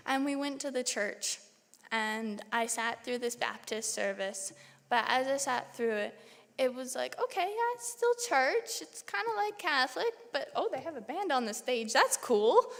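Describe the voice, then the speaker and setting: Young woman's lively testimony in reverberant church. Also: on the high side. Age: young adult. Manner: lively storytelling, acting out her own reactions. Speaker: church member giving testimony. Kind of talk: personal testimony. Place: church sanctuary. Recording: long church hall reverb.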